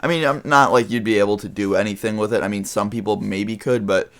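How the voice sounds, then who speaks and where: A young man telling a story straight to his viewers, rambling along with lots of filler words. His voice sits a little low. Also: fairly even intonation, fast talker. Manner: rambling, full of "you know" and "I mean". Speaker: vlogger. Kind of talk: casual storytelling to camera.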